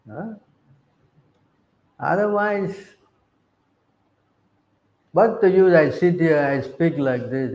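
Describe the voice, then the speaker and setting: Emphatic preacher, quizzing the crowd. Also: male voice, a little high, a little mellow, reverberant, poor audio. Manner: questions the audience again and again. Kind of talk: sermon.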